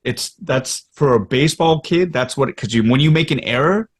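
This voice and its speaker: With a mid-range voice at an ordinary pace, this fifty-something Canadian actor tells frank tales from his career on a podcast. He performs the voices of people he quotes and voices what he was thinking at the time.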